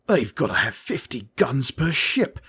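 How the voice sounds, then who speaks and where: A man's voice: medium pitch, big pitch swings, measured pace, sharp tone, breathy edge, voice pushed up, heavily acted. A frightened male gunner on a fantasy airship, gasping and fearful, as a man puts on a lifted voice. He sounds overwhelmed and unsure. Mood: afraid.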